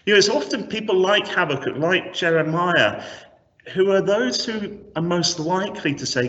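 A man preaching a sermon with animated, rhetorical emphasis, heard from a distance in a church. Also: high-pitched, moderate pace. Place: church hall. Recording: echoey hall from a distance, slightly dull.

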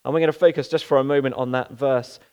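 A man's voice: medium pitch, steady tone, quick pace, a little mellow, smooth, muffled recording. A male pastor giving an earnest sermon, often asking rhetorical questions.

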